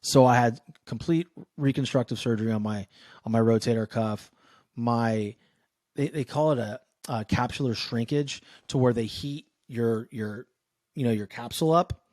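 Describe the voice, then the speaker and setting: A man in his thirties from Northern California tells a story on a podcast with casual swearing and lively voices for the people in it. His voice sits at a middle pitch and is recorded dry and close, with no room sound. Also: moderate pace, dry recording. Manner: animated, loose and profane, acting out quoted exchanges. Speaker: podcast guest, sales coach.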